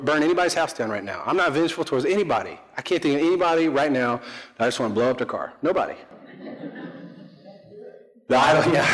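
A pastor preaches in a casual, joking style, poking fun at himself and quizzing his listeners. His medium-pitched voice rings with the long reverb of a large hall. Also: fairly bright tone. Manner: conversational, joking, self-deprecating, asks the congregation questions. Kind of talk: sermon. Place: church sanctuary.

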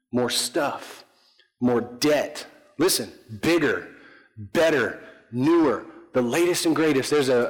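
A man preaching a conversational sermon as pastor, joking about himself and throwing questions to the congregation. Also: medium pitch. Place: church sanctuary. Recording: long hall reverb.

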